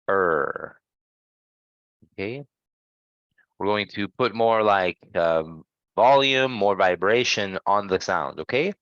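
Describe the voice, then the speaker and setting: A man leads an English pronunciation class, taking his time over each sound. He checks in with the students often and models words slowly for them to repeat. His voice comes through a little muffled and dry, as if over a basic mic. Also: fairly low pitch, a bit bright, no echo. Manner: patient, checks in with "okay?" often. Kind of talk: online pronunciation lesson.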